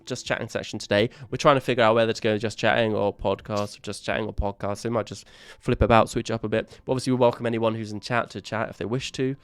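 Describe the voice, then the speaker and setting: A man's voice: on the low side, fairly even intonation, fast talker, few pauses, clean tone, no room sound. A man co-hosting a casual podcast stream, laughing often and bantering with a little swearing. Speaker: podcast co-host. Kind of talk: casual chat on a live stream.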